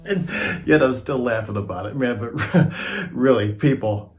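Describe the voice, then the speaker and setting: A man's voice: medium pitch, measured pace, soft background music. A man who worked as a monitor technician, telling backstage stories casually, laughing often and swearing freely. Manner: laughs often, profane, animated retelling. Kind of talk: casual storytelling.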